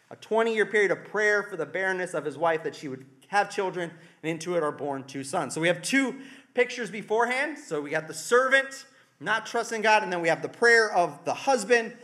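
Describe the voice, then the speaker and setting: Man, preacher, sermon, high voice, bright tone, wry, conversational, acts out quotes.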